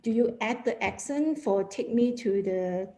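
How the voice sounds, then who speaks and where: A woman student on a video call asking her teacher a question in a hesitant, halting way. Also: a little high, warm tone.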